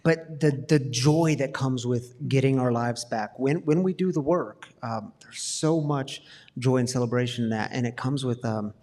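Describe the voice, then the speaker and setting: A man's voice: medium pitch, normal speed, a little mellow. A man hosts a conversation at a recovery gathering, drawing the audience in and affirming his guest. His voice sits in the middle range and rings with long hall reverb. He sometimes acts out short voices to make a point. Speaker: host of a recovery community talk. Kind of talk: conversational interview.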